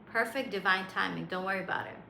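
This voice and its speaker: A woman's voice: mid-range voice, fast talker, creaky, pushed and bright, reverberant, slight background noise, voice pushed down. A woman playing a swaggering young man who talks in slang with boastful confidence. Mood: confident.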